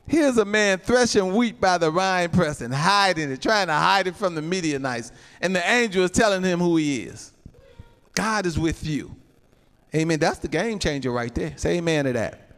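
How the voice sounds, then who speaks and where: A man pastor preaching a sermon, calling out to the saints, laughing between lines and reading scripture slowly. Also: high-pitched, expressive, fairly bright tone, clean tone. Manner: reads scripture slowly, then voices people's complaints.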